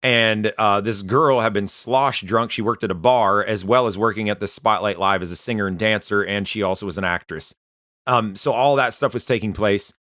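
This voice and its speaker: A man giving an earnest, conversational personal testimony, often pausing and restarting as he tells his story. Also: fairly low pitch, sharp tone, no room sound, clean studio sound. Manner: earnest, conversational, halting retelling. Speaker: Christian testimony speaker.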